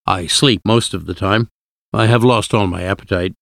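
A man narrating an audiobook in a steady, even storytelling manner. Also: fairly low pitch, moderate pace, vocal fry, dry recording, clean studio sound. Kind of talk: scripted narration.

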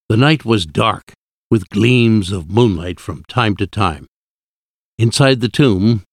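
A man narrates a storybook with a lowish voice at an unhurried, measured pace. The recording is dry and close, with no room sound. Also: dry recording. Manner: slow, measured, clear reading.

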